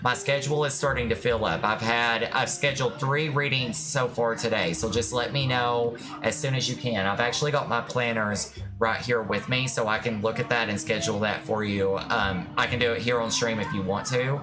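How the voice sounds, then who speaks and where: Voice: medium pitch, steady tone, normal speed. A tarot reader on a live stream, chatting casually and affectionately with viewers, reassuring them and calling them "my love". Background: music.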